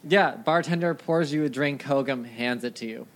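Brief: male game master, relaxed and profane, mid-range voice. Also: mid-range voice, normal speed. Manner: loose, profane banter. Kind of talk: tabletop game narration.

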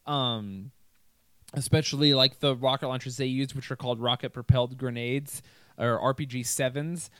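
A man's voice: medium pitch, steady tone, moderate pace, fairly bright tone, clear, resonant tone, no room sound. A young man co-hosting a podcast, telling history stories in a loose, profane, laughing way. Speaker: podcast co-host. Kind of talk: casual chat.

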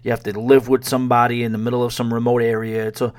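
Rambling male podcast host, mid-pitched. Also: fast. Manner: rambling, animated, with fillers and restarts. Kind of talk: casual chat.

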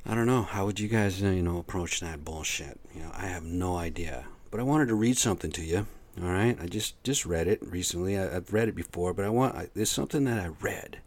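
A low-voiced man holds forth in a casual, rambling rant to his audience. He swears constantly and grows agitated, circling back over his points. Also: a little fast. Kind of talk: ranting casual monologue.

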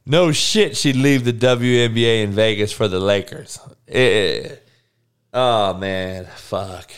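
A man hosts a sports podcast, ranting bluntly and with plenty of profanity as he answers his live chat. His voice is fairly low, clear and resonant, and he takes his time.

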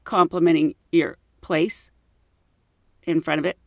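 A woman's voice: low voice, steady tone, a little slow, gravelly, darkish tone, no echo, studio quality. A woman casually telling funny personal stories, laughing often and acting out her own thoughts. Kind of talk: casual storytelling.

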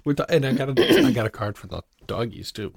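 Gravelly, lively man in casual podcast chat. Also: mid-range voice, fast, no room sound. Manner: teasing, easygoing. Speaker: podcast co-host.

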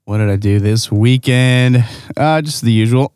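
A man's voice: mid-range voice, moderate pace, a little mellow, clear, resonant tone, dry recording, clean studio sound. A man co-hosting a podcast, easygoing and often laughing in casual chat during a drinking game. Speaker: podcast co-host.

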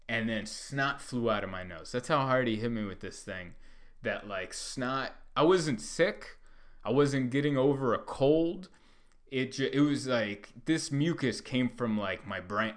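A man, a comedian, telling a long story in a rambling way with many fillers and loud bursts when he acts out other people. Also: medium pitch. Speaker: stand-up comedian. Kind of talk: storytelling monologue.

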